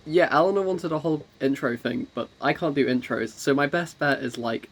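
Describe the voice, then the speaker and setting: A woman's voice: sits low, a little fast, breathy edge. Young woman, podcast co-host, rambling self-deprecating chat, lots of restarts. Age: young adult. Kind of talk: casual chat.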